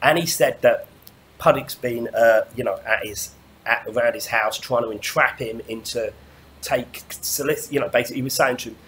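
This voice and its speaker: A man's voice: medium pitch, normal speed, fairly bright tone, a little hiss or hum. A man talks in a middling voice through a long monologue rant. He rambles and trips over his own restarts. He swears freely as he goes. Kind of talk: ranting monologue.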